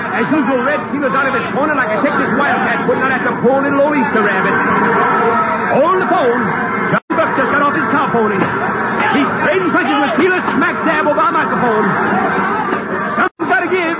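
A frantic ringside boxing announcer, calling the fight in a very high, strained voice in a 1950s radio play. A loud roaring crowd and heavy noise sit behind him. The old broadcast sound is dull. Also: male voice. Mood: excited. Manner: rapid excited play-by-play. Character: excitable male fight-night ringside announcer. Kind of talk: 1950s radio drama acting.

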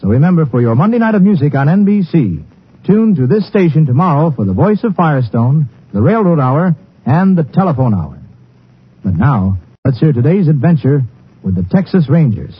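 A man reading a polished, warmly delivered 1950s radio network promotion. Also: a little high, sing-song, moderate pace, husky. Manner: warm, polished announcing. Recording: dull old radio broadcast.

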